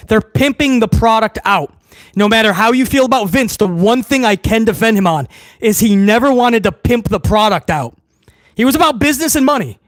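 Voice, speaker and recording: Man, high voice, blunt profane ranting, live stream host, dry close mic. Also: no echo. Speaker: wrestling watch-along host. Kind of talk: casual live-stream commentary.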